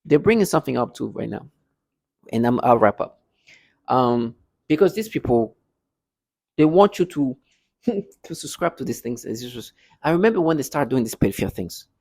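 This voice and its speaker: A man's voice: medium pitch, sing-song, moderate pace, creaky, pauses often, darkish tone, breathy edge, dry recording, rough recording. A man talking to his viewers in a casual monologue, insistent, often repeating words and restarting. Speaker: vlogger addressing his viewers. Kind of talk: casual spoken monologue to camera.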